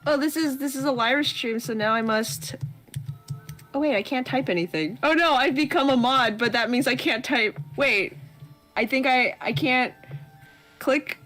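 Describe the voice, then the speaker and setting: A woman's voice: high voice, normal speed, a bit bright, faint music behind. A woman chatting playfully on a game stream, giggling often and teasing with jokes. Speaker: co-host guest on a game stream. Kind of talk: casual chat.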